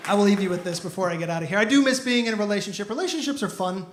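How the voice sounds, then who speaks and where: A man's voice: sits high, very fast. A man performing a self-deprecating stand-up comedy set in a comedy club, telling stories and acting out the dialogue. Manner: self-deprecating, animated storytelling with acted-out dialogue. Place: comedy club stage with laughing audience. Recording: echoey club room with crowd noise.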